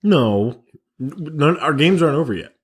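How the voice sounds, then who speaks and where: An easygoing man co-hosts a sports podcast, trading short reactions with his partner. His pitch moves up and down a lot as he talks. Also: animated, unhurried, husky. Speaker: podcast co-host. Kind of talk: casual sports chat.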